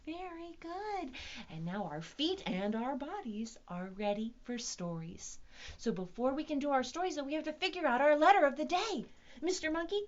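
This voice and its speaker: A children's librarian leads a virtual storytime for young kids in a sing-song, exaggerated, playful teacher voice. Her voice is a little high, and the audio sounds dull.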